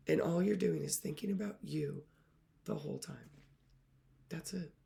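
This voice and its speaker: A woman literacy coach talks straight to her viewers in an earnest, emotional way. Her voice carries a strong gravelly fry, and she often lets her words fall away into a breathy near-whisper. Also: low voice, moderate pace, long pauses. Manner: soft-spoken, often dropping to a whisper. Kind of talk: reflective talk to camera.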